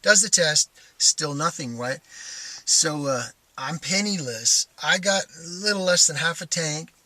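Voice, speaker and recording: A man with a bright, forceful voice pitched a touch high tells a personal vlog story in a meandering way. He thinks aloud and keeps stopping and starting over. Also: expressive, a little slow, no echo. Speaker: vlogger.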